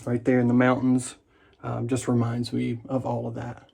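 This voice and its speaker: Gravelly, husky man joking through his shave. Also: medium pitch, completely flat delivery, normal speed, a little mellow. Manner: joking, rambling, self-deprecating. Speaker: wet shaving channel host. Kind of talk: casual vlog talk while shaving. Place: home bathroom at the sink.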